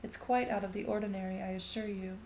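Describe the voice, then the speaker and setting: A woman's voice: medium pitch, little pitch movement, fast, a little mellow, slight background noise, lightly acted. A woman reading as an uneasy polite man. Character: uneasy grown man, a stranger visiting. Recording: echoey room.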